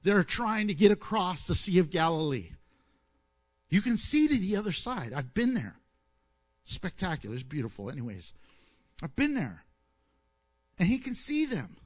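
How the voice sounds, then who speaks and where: A man's voice: moderate pace, long pauses. A man preaching a sermon, telling stories with questions to the listeners and acting out the quoted voices. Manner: animated storytelling, asks the audience questions and answers them; acts out quoted voices with swings in pitch and loudness.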